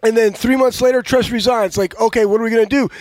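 A man with a raspy voice, a former player and strength coach telling stories in a casual sports chat with a lively, preacher-like cadence. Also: extremely high pitch, fast talker, dry recording. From Texas. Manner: animated storyteller, preacher-like cadence.

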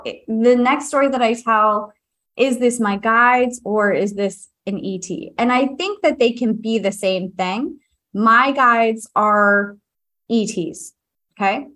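A woman's voice: fairly high pitch, a bit bright. Chatty young woman podcast host. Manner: chatty, confiding, many fillers and asides. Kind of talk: casual storytelling to live listeners.

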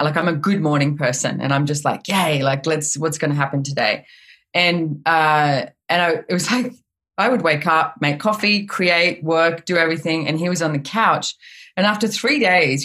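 A woman guest and author in a casual podcast conversation. She tells stories in an animated way and often says "it's like.". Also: sits low. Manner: animated storytelling with frequent "it's like".

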